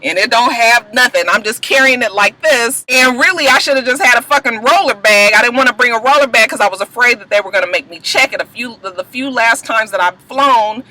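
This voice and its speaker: A woman's voice: fairly high pitch, fairly quick, hardly any pauses, pushed and bright, poor audio. A woman from Atlanta, telling a blunt, profanity-filled storytime vent from an airport terminal. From Atlanta, USA. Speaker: vlogger.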